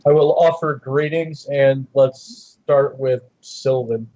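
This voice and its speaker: A man's voice: mid-range voice, fairly even intonation, slow pace, dark tone. A man playing a tabletop game, speaking hesitantly with stumbles. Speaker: player. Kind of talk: casual game table banter. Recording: dull lo-fi audio.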